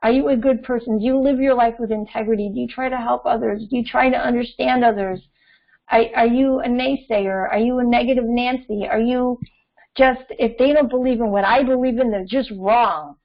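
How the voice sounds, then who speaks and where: Astrology host, young woman, higher voice, preachy rambling casual monologue, muffled sound. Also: fairly even intonation, a little fast. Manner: rambling, preachy, many fillers. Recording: dull lo-fi audio.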